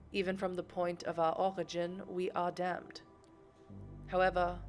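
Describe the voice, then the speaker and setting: A learned vampire man recounts ancient legend in an even, measured tone, read aloud by a woman on a stream. The voice sits fairly low, with soft music under it. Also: close to an everyday voice. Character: scholarly male vampire companion.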